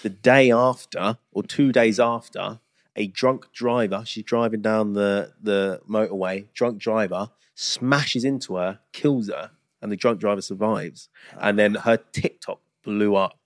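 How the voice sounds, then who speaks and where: A young man co-hosts a casual podcast chat with blunt, sweary banter. His voice is on the low side and the recording is dry. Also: steady tone, measured pace, dry recording. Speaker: podcast co-host.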